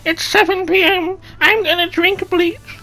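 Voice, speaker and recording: A man putting on the voice of a whiny, self-pitying, melodramatic teenager, high and drawn out. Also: fairly even intonation, unhurried, bright, forceful tone, heavily acted, poor audio. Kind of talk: mocking impression in a vlog rant.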